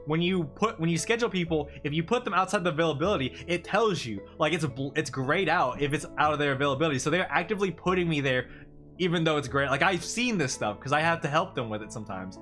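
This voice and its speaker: A young man with a slightly high voice rambles in exasperation on a live stream, with plenty of fillers. His delivery is casual and heated. Faint music plays in the background. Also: expressive, fast, fairly bright tone.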